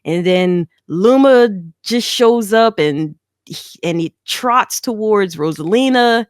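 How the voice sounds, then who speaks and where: A woman chatting on a podcast as a guest, telling a story with lively acted-out quotes. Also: takes it slowly, smooth, dry recording, studio quality. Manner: animated storyteller, acts out quotes in a high excited voice. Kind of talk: casual chat.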